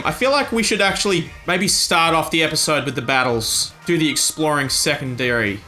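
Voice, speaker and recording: A man's voice: on the high side, a little fast, few pauses, bright, forceful tone, soft background music. A man giving crude, joking let's-play commentary over a video game. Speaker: YouTube gamer.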